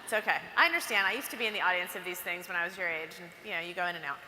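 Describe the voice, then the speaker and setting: A woman giving a chatty, animated motivational talk to teenage girls at an event, often acting out what girls say to each other. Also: fairly low pitch, rapid-fire. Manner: chatty, animated, acts out quotes. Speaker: speaker at a girls' empowerment event. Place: event hall. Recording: roomy hall with faint ambience.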